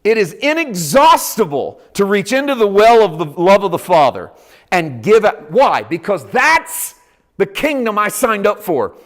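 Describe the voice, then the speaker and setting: Guy preaching a sermon, slightly high voice, big swings up and down, acts out little dialogues. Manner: swings between hushed asides and loud emphatic preaching. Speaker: pastor.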